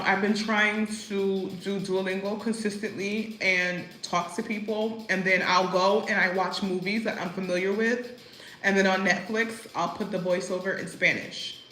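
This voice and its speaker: Young American woman, chatty vlogger, bright voice in an echoey room. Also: mid-range voice, a little hiss or hum. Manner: chatty, laughs while telling stories, lots of fillers. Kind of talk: casual storytelling chat.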